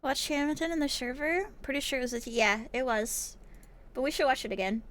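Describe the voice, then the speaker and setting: Young woman streaming her crafts, high pitched voice, just chatting w chat. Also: brisk, fairly bright tone. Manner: chatty asides between singing along to songs. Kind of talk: casual chat while crafting on a live stream.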